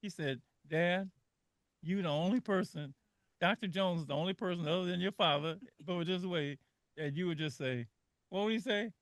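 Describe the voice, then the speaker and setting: A man co-hosting a radio talk show, recalling stories in a relaxed conversational way. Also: sits high, moderate pace, no echo. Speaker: radio co-host. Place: radio studio.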